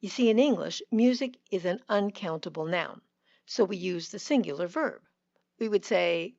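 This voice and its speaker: A woman with a Canadian accent teaching an English pronunciation lesson, explaining clearly and stressing key words. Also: mid-range voice, normal speed, darkish tone, highs cut off. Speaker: pronunciation coach.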